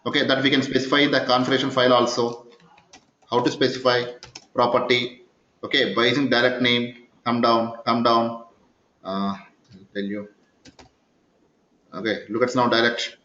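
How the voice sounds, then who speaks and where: A man's voice: medium pitch, a bit bright. Man teaching code, quizzing the class. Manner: keeps quizzing the class, asking 'yes or no?'. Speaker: programming instructor. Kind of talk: live coding lecture. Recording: echoey, dull recording of a class session.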